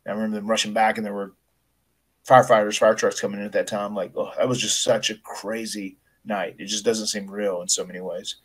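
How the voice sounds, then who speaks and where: A man's voice: fairly low pitch, little pitch movement, fairly quick, slightly rough. A middle-aged man and podcast host telling a story in casual conversation, with frequent restarts and emotional recollection. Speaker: podcast host, retired wrestler.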